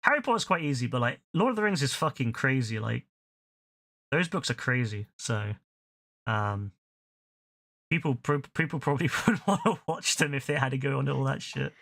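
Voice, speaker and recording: A man's voice: mid-range voice, expressive, normal speed, gravelly, dry recording. A young British man from England, ranting and swearing in casual chat while streaming a game. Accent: British English. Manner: ranting, swears often, laughs loudly.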